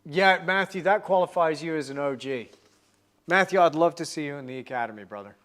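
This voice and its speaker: A man's voice: a little high, brisk, a bit bright. A man in his forties hosting a livestream, painting while chatting upbeat and answering viewer comments.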